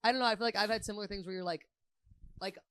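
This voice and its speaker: A man's voice: high-pitched, fairly even intonation, very fast, a bit bright, clear, resonant tone, no room sound. A man co-hosting a podcast, talking earnestly in casual chat. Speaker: podcast co-host.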